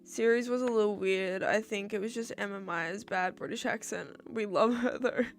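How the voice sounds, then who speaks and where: A woman's voice: medium pitch, moderate pace, soft background music. A young Australian woman chatting casually on a livestream, answering viewer questions in a rambling way and acting out little exchanges with her friends.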